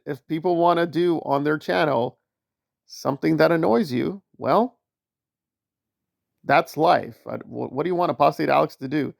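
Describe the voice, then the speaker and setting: A man's voice: a little high, normal speed, vocal fry, pauses often, no echo, studio quality. A man from the northeastern United States giving casual commentary in a wry, sarcastic way.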